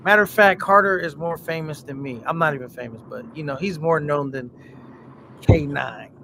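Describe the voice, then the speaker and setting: Gravelly-voiced man chatting on a livestream. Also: a little high, normal speed, bright, forceful tone, slight background noise. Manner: laid-back slangy banter, reads chat comments. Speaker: livestream host. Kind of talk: casual livestream chat.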